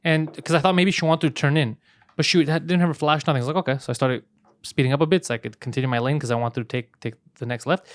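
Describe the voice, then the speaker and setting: A man's voice: on the high side, fairly even intonation, quick pace, no echo. A man hosting a comedy podcast, ranting with heavy swearing and heated storytelling in a casual, comedic way.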